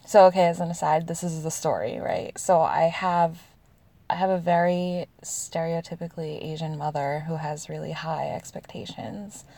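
A woman's voice: deep voice, moderate pace, gravelly, mellow. A woman in her thirties from the United States, telling personal stories casually with frequent laughter and many "like"s. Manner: chatty, laughs often, heavy use of "like". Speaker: storyteller answering questions. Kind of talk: casual confessional storytelling.

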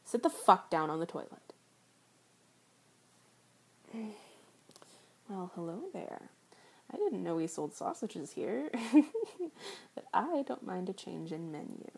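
A woman performing an adult audio role-play, teasing and sarcastic, often slipping into soft whispers. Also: fairly low pitch, very animated, slow pace, gravelly, long pauses, husky.

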